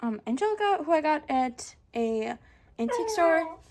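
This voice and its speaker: A young woman chatting casually in a vlog, showing her doll collection, full of ums and likes, sometimes dropping to a soft whisper. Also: sits high, sing-song, normal speed. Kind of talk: casual show-and-tell vlog.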